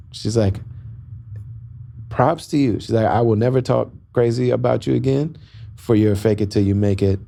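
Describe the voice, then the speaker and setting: A middle-aged man hosting a podcast, telling a story in an animated way and acting out the other voices with big jumps in pitch. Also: gravelly.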